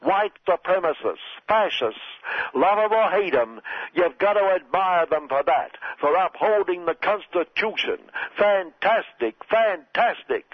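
A man putting on a boastful, blustering male world leader who repeats superlatives in drawn-out exclamations. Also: sits high, expressive, dry recording, voice pushed up. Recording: dull lo-fi recording.

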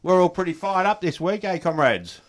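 A man's voice: high voice, lively intonation, moderate pace. A man co-hosting a community radio show, chatting casually with jokes and fillers. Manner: chatty, jokey, hesitant fillers. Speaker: radio co-host, union official.

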